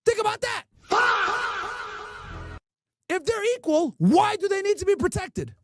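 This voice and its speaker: Very high-pitched and very animated but unhurried, this man rants mockingly and emphatically to his stream chat, asking lots of rhetorical questions. He's a streamer and podcast host, and the recording is dry and studio quality.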